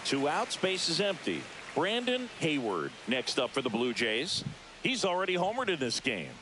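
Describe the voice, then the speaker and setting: A man voicing a brisk, upbeat play-by-play announcer in a baseball video game, with a polished broadcaster delivery. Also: on the high side, wildly swooping pitch, background noise. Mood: calling play.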